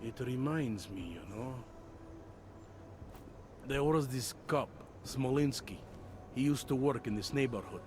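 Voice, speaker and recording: An actor playing a world-weary middle-aged police detective in a video game, dry and matter-of-fact. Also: male voice, mid-range voice, lively intonation, a little slow, pauses often, background noise, close to an everyday voice. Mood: stern.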